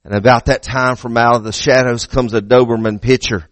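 A man's voice: medium pitch, fairly even intonation, fairly quick, no room sound. A male pastor preaching a sermon in a church, emphatic, repeating words as he restarts and building to raised peaks.

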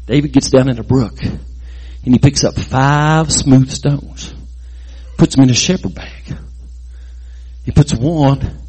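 A man telling a Bible story in a lively, folksy way, adding sound effects and jokes. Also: medium pitch, slightly rough.

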